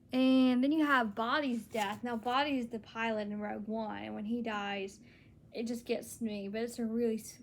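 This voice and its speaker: A woman's voice: fairly high pitch, a little hiss or hum. A young woman talking in a casual solo vlog, earnest and rambling, with many restarts. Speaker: vlogger.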